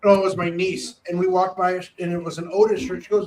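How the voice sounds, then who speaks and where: A man's voice: sits high, level tone, fast talker, a little mellow, a little hiss or hum, low-quality recording. A man hosting a podcast in casual chat, talking loosely and restarting his words often. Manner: chatty, repeats words as he restarts. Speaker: podcast host.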